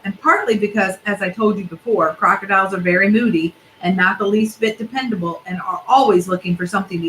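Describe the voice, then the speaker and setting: A woman reading a storybook aloud in a steady, expressive way, pausing for asides about the pictures. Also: mid-range voice, a little hiss or hum, rough recording.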